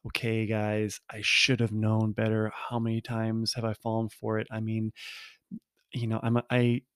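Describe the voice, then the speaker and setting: A man's voice: lowish voice, monotone, normal speed, fairly bright tone, clean tone, dry recording, clean studio sound. Rambling, candid man telling a story. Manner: rambling, self-interrupting, stammers on restarts; candid and self-mocking. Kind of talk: casual storytelling monologue.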